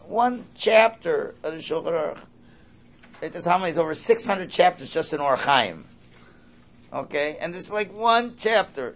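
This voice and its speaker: A man's voice: a little high, slight background noise. A man, a rabbi, teaching an informal Torah class in a rambling, conversational way full of asides and restarts.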